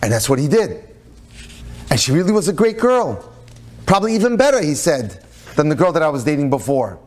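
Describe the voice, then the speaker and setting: Male rabbi-lecturer, storyteller; higher voice, very expressive pitch, acts out the people he quotes. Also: fairly quick. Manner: animated storyteller who acts out the people in his stories; uses Hebrew and Yiddish religious terms. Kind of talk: storytelling presentation.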